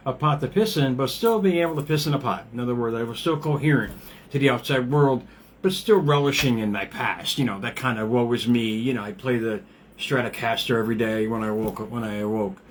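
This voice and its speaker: A man's voice: mid-range voice, slight background noise. Rambling middle-aged man giving a pep talk. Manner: rambling, laughs often, casual swearing. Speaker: motivational podcast host. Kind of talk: casual motivational livestream talk.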